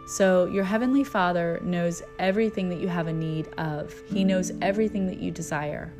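A woman's voice: fairly low pitch, moderate pace, few pauses, over music. A middle-aged woman hosting a spiritual message, telling a personal story and then preaching in an earnest, storytelling way. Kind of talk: inspirational spiritual talk.

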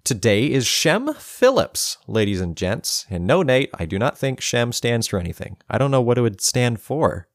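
A man's voice: mid-range voice, big pitch swings, moderate pace, few pauses, dry recording. A man co-hosting a casual board game podcast, joking and rambling with a laugh often in his voice, recorded close and dry on a podcast mic. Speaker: podcast co-host. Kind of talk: casual chat.

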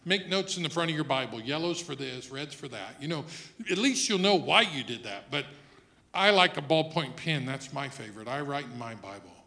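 Male pastor, casual teaching sermon, dynamic swings from soft to forceful. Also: a little high, lively intonation, normal speed, gravelly. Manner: conversational preaching, swings from quiet to loud emphatic.

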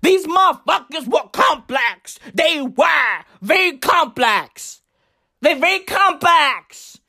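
High, lively profane woman ranting. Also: slow. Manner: profane, slangy, emphatic, swings between shouting and hushed asides. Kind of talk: stand-up style comic rant.

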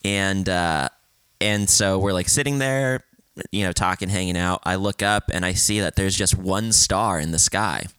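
A man's voice: low voice, moderate pace, fairly bright tone, clear, resonant tone, no echo. A man animatedly telling an anecdote in casual chat, laughing often and swearing casually.

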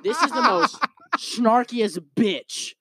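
A man's voice: very high voice, sing-song, takes it slowly, a bit bright, husky, dry recording. A young man co-hosting a podcast, telling a story with lots of swearing and acted-out quotes in casual chat. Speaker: podcast co-host.

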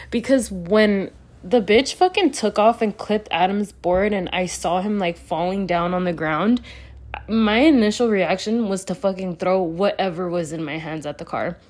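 A young woman hosting her own podcast and venting to her listeners. Her storytelling is loose and profane, full of swearing and animated outbursts. Her pitch sits in the middle of the range. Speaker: podcast host. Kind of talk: casual solo podcast vent.

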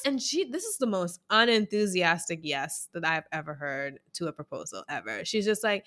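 A woman's voice: on the low side, very animated, normal speed, hardly any pauses, fairly bright tone. A woman co-hosting a podcast, recapping a reality show in casual chat, laughing often and swearing freely. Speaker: podcast co-host.

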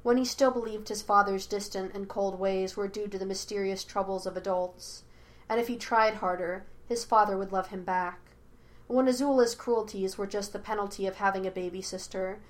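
A woman reading fan fiction aloud as an audiobook, measured and expressive. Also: mid-range voice. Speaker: podfic reader.

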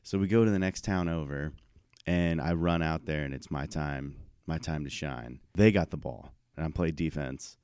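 A man co-hosting a podcast, telling stories in relaxed casual chat and laughing often. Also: rumbling low, moderate pace, clear, resonant tone, no echo, studio quality. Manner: laid-back, laughs often. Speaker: podcast co-host.

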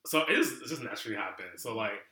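A man's voice: fairly low pitch, animated, very fast, bright, forceful tone, roomy sound. A man chatting casually as a podcast guest, earnest and full of fillers, talking about faith and friendship. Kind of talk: casual chat.

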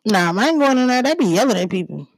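A woman co-hosting a casual podcast, teasing her partner and telling little stories with quick comebacks. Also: mid-range voice, expressive, slightly rough, no echo. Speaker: podcast co-host. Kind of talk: casual chat.

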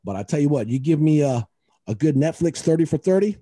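Dark, husky-voiced man rambling emotionally. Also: on the high side, lively intonation, brisk, no room sound. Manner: rambling, emotional, many fillers and restarts. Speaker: youth basketball coach, podcast co-host. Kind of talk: casual podcast chat.

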